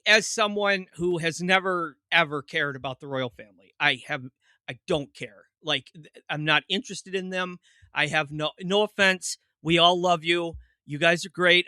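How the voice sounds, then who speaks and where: A man's voice: on the high side, bright, forceful tone, clean tone, no room sound. A man hosting a casual podcast discussion, talking in rambling, self-interrupting, joking runs. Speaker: podcast host. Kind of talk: casual chat.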